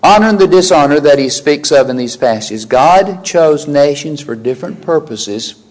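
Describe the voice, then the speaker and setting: Animated preacher man, swooping emphatic delivery. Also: normal speed. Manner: emphatic, swings between loud declaiming and low asides. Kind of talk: sermon.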